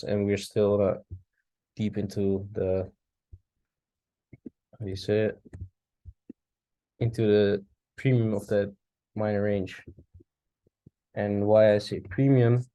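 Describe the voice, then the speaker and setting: Recorded dry at a desk mic, a man reviews trading charts in a relaxed screen-share recap, musing aloud and occasionally yawning. He's a forex trader with a lowish, warm voice.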